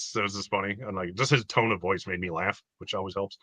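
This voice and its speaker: A lower-pitched man with a bright, forceful voice gives a rambling, filler-heavy movie review over a video call. The sound is dry and close. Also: fast talker, no room sound. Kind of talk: casual movie review chat.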